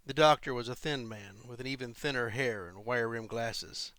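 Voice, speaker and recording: A man, an author and podcast host, reading his own fiction in measured first-person storytelling. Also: mid-range voice, fairly bright tone, no room sound.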